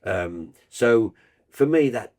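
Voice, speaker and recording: An older man from Birmingham, England, a football broadcaster telling lively anecdotes in a podcast chat and acting out the people in his stories. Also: medium pitch, takes it slowly. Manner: animated storyteller, acts out voices in his tales.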